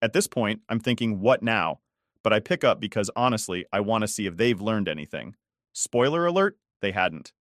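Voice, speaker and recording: A man narrating a first-person online story in a measured, steady reading. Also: on the low side, no echo, studio quality.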